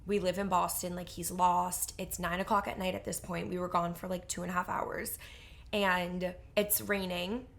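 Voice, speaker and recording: A woman's voice: on the low side, moderate pace, creaky. A young woman co-hosting a podcast, telling stories in casual chat with lots of "like" fillers. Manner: animated storyteller, heavy use of "like". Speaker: podcast co-host.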